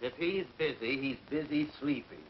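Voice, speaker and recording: A man's voice: mid-range voice, moderate pace, lightly acted. An actor playing a stubborn middle-aged family man who blusters and fusses in comic exasperation, in a 1940s film. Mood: flustered. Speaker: father and husband. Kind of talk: 1940s film comedy acting. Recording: dull 1940s film soundtrack with faint hiss.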